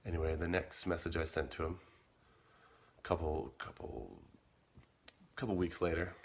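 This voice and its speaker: A man's voice: low voice, normal speed, creaky, breathy edge. A middle-aged man telling his own story casually in a rambling way, repeating words and quoting his old messages. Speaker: vlogger.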